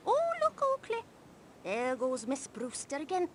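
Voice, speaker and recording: An actress does video game voice work as a middle-aged wife on holiday, northern English in accent, who gossips cheerfully and keeps asking her husband to back her up. Her exaggerated, high-pitched voice swings hugely in pitch at an unhurried pace, with a slight hiss or hum. She sounds gushing and gossipy, forever nudging her husband along.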